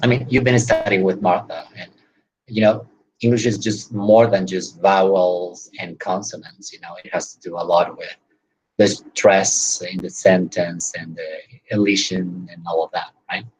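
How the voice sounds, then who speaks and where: A man's voice: deep voice, little pitch movement, measured pace, breathy edge, rough recording. A man teaching English in an online class, explaining at length and tagging his points with "right?" and "you know".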